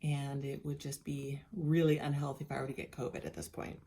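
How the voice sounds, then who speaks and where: A woman's voice: rumbling low, level tone, brisk, vocal fry, warm tone, slight background noise. A middle-aged woman giving a casual personal video update, chatty and candid with many restarts, sounding worn out. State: worn out and tired. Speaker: vlogger sharing a health journey.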